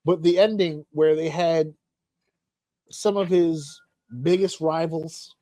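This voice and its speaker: A man co-hosting a podcast, telling a story in casual chat with lots of swearing and animated excitement. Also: fairly high pitch, slow, no echo. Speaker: podcast co-host.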